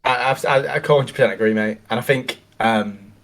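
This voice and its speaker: A man's voice: lowish voice, moderate pace, a bit bright, faint music behind. A middle-aged man co-hosting a casual chat, talking in rambling, reflective sentences full of restarts. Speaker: co-host.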